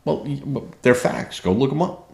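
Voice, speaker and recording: This man hosts a political commentary show, his medium-pitched voice creaky and darkish, with lively intonation at a moderate pace. His opinion monologue is indignant and sarcastic, packed with fillers and restarts, in a roomy-sounding recording.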